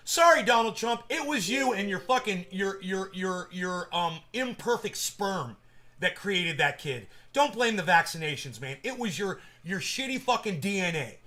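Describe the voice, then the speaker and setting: A man's voice: high voice, bright, forceful tone. A man hosting a live stream, ranting casually with lots of swearing and stammered repeats. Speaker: livestream host. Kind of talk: casual livestream rant.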